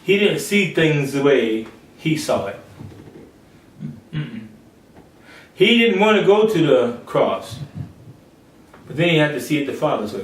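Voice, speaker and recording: A man's voice: on the high side, big pitch swings, measured pace, long pauses, reverberant, recorded from a distance, rough recording. A man preaching a sermon, acting out quoted speakers in changing voices. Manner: acts out biblical quotes in shifting voices.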